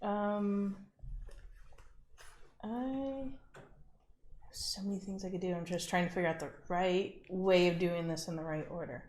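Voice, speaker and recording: A woman's voice: mid-range voice, darkish tone, reverberant, a little hiss or hum. A woman playing a tabletop game, thinking aloud and reading her rules. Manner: deliberating, reads rules aloud. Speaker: player.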